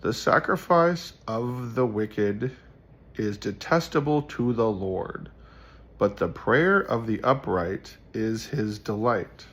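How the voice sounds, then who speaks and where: A man voicing a wise old fantasy wizard, reciting in a slow, solemn, drawn-out way. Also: fairly low pitch, animated, a bit bright, heavily acted. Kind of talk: reading scripture aloud in character.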